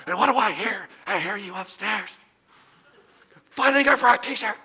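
A man's voice: high voice, animated, normal speed, breathy edge, voice pushed up, full character voice. A man doing an exasperated scolding dad. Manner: loud, raised scolding voice. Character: exasperated father scolding his fighting sons.

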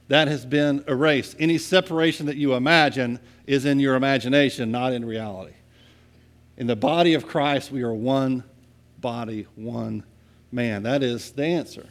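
A man preaching a sermon in a conversational way, often checking in with the listeners and moving between quiet and loud passages. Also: medium pitch. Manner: conversational, asks "right?" often, swings from soft to loud. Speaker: pastor.

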